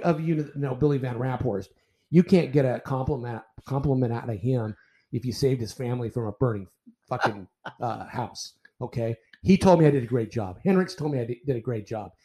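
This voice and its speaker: Older male ex-umpire, dark mellow voice, salty storyteller who trips over his restarts. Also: medium pitch. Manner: profane, animated anecdotes with repeated restarts. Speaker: retired baseball umpire. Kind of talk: casual storytelling in a podcast interview.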